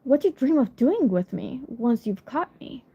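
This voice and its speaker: A woman's voice: high-pitched, big pitch swings, unhurried, breathy edge, full character voice. A woman reading as a proud, scornful unicorn. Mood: musing. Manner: dignified, scornful, musing. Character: proud ageless female unicorn, indignant at being mistaken. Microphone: phone. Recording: lo-fi phone recording.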